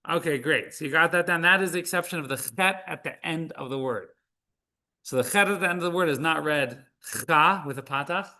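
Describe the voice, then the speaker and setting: A man whose voice is a little high and sharp in tone leads a Hebrew reading class on a video call at a moderate pace. He patiently pronounces the syllables one at a time for his online students.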